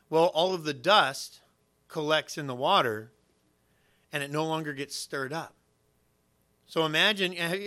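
Bright, animated male preacher. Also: on the high side. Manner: animated preaching with everyday illustrations and acted-out quotes. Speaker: pastor. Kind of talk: sermon.

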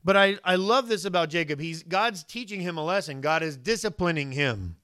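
Man, preacher, sermon, high voice, bright tone, asks the audience questions, dry close sound. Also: a little fast, smooth, no room sound. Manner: animated, asks the listeners questions, voices the figures.

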